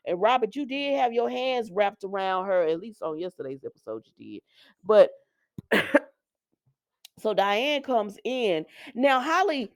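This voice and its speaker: A woman's voice: mid-range voice, expressive, a little slow, dry recording, clean studio sound. A woman recapping a soap opera episode in a casual, opinionated and colloquial way, laughing often.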